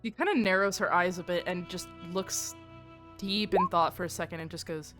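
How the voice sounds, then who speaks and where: A woman playing a tabletop role-playing game, casually describing her character's actions and speaking her lines quietly. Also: fairly low pitch, steady tone, moderate pace, soft background music. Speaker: player.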